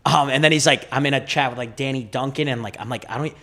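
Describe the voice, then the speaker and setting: Young dude guest on a pod, chill, swears a ton, laughs a lot. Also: male voice, mid-range voice, quick pace, a bit bright. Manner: laid-back, swears often, laughs a lot. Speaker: podcast guest. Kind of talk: casual chat.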